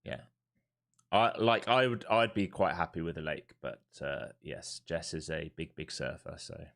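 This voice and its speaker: A laid-back man with a London accent talks loosely on a live trading stream. His voice sits very low and deep. He speaks bluntly and chattily, with the odd swear word. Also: measured pace, vocal fry, fairly bright tone. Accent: London English. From London, England. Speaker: live-streaming day trader. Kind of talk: casual live-stream chat and market commentary.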